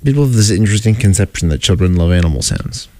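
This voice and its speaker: A young man co-hosting a casual podcast, talking in a deadpan way and slipping into silly voices. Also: deep voice, fast, dry recording. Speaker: co-host.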